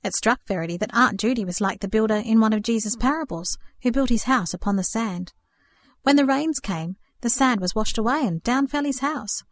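A woman narrating a storybook in a steady, earnest reading voice. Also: mid-range voice, dry recording. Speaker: audiobook narrator.

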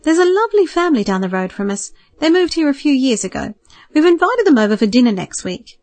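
A woman voicing a warm, worried middle-aged mother who coaxes her grown son gently, read in a higher, lifted voice in a dry recording. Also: lively intonation, brisk, no echo. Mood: hopeful. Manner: gentle, coaxing, softly persistent. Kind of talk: audiobook character voice.

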